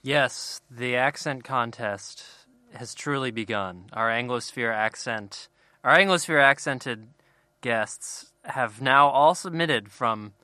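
A man's voice: medium pitch, pushed and bright, no echo, studio quality. A man co-hosting a podcast in casual chat, playful and joking. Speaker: podcast co-host.

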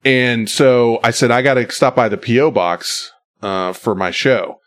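A man's voice: medium pitch, measured pace, fairly bright tone. A man hosting a podcast, telling a story in a loose, rambling way with plenty of fillers and the odd curse word. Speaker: podcast host. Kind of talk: casual chat.

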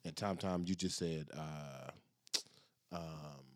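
A man co-hosting a casual podcast, animated and self-mocking, laughing often. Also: extremely low pitch, slow pace, no echo, clean studio sound. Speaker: podcast co-host. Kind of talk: casual chat.

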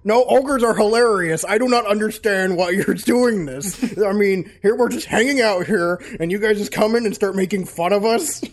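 A cheerful ogre king on his throne, polite at first and quick to take offense, as a man puts him on. The voice sits a touch high and carries a hurt, incredulous edge. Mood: offended.

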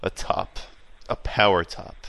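A man's voice: a little slow, a bit bright, no echo. A man co-hosting a casual comedic podcast chat, blunt and laid-back, laughing often. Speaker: podcast co-host.

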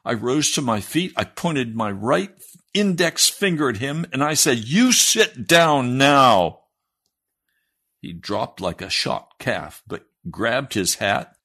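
A man's voice: on the low side, animated, a little slow, fairly bright tone. A man, a pastor, reading a story aloud in a sermon, raising his voice for the quoted lines.

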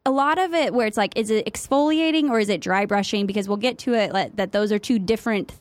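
A woman's voice: medium pitch, fast, no room sound. A young woman co-hosting a casual podcast, chatty and full of fillers and laughs. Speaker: podcast co-host. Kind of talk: casual chat.

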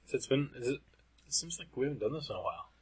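A man's voice: mid-range voice, animated, racing, husky. A man co-hosting a casual podcast chat, joking around in a laid-back way. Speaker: podcast co-host.

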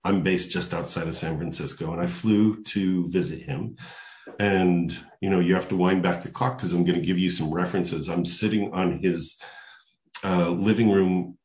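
An older man with a deep, low-pitched voice tells a personal story to an interviewer. He is animated and keeps acting out the voices of the people in his story. The recording has a noticeable room echo. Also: moderate pace. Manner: animated storyteller who acts out quoted voices. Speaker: guest. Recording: echoey room.

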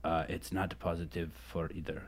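Male podcast host, lowish voice, casual and ribbing, quick follow-ups. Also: flat delivery, a little hiss or hum. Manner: casual, joking, asks rapid follow-up questions. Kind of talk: podcast interview.

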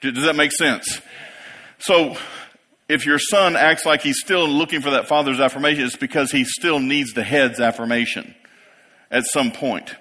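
In a church sanctuary, a pastor in his fifties preaches to his congregation, building to emphatic peaks and checking in with listeners. His medium-pitched voice is sharp, fairly even in intonation and moderately paced, and the large hall adds long reverb.

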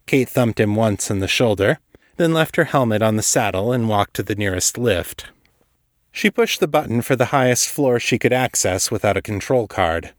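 Low-voiced male storyteller. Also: normal speed, no room sound, clean studio sound. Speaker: narrator. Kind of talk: scripted narration.

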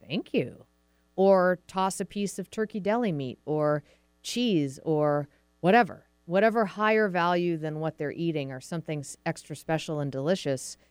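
A middle-aged woman with a Pacific Northwest American accent hosts a dog show, chatting casually and slipping into little acted-out voices. Her voice is smooth and a touch low. It is recorded close and dry. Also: darkish tone, dry recording. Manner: chatty, acts out quoted voices of dogs and owners. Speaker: podcast host, dog trainer. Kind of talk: casual explanatory talk.

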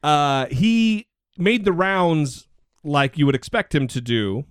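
A man's voice: on the high side, lively intonation, slow pace, clean tone. A male podcast co-host with a sarcastic, outspoken manner and a voice that swings up and down a lot. The recording is close and dry, with no room echo. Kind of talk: casual political chat.

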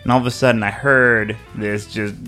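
A man's voice: fairly low pitch, fairly even intonation, moderate pace, pushed and bright, faint music behind. A young man hosting a podcast, chatting casually, rambling through stories and laughing often. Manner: laid-back, laughs often, rambling storytelling. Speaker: podcast host. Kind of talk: casual banter.

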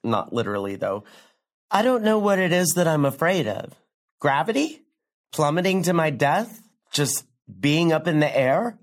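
A sardonic young comedian rambles through a profane stand-up story, her pitch leaping high and then sinking low for a deadpan aside. She sounds brash and self-mocking, in a scripted drama. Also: moderate pace. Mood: wry.

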